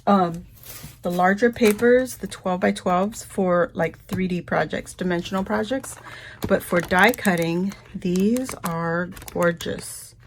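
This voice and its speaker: A woman vlogger chatting casually through a shopping haul, rambling and breaking into high, gushing squeals over cute things. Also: takes it slowly, slight background noise. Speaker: craft vlogger.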